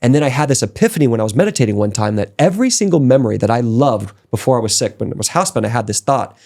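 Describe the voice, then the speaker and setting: A man as a podcast guest, telling his own story in a casual interview, emphatic and motivational, and he grows more excited as he goes. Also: mid-range voice, very fast.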